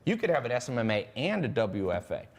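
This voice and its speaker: Fast-pitching man on a live stream. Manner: fast, animated pitching, jokes and laughs. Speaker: host.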